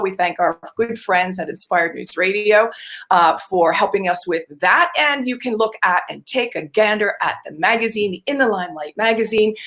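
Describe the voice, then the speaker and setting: An upbeat woman hosts an interview show from a friend's house. She talks chattily, laughing now and then. Her pitch sits in a middle range. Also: fairly bright tone, low-quality recording. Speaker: host. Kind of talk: video call interview.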